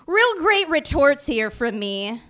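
A young woman tells a story from her own life straight to the camera, with a high, bright voice. She mocks herself and slips into the voices of the other people in the story. Her delivery stays lively and animated throughout. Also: slow pace. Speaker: vlogger. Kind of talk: storytime anecdote.

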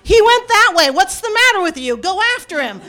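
A woman voicing an angry older drunk man who shouts indignantly at police officers. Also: very high-pitched, very animated, a little fast, voice pushed up, full character voice. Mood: indignant yelling.

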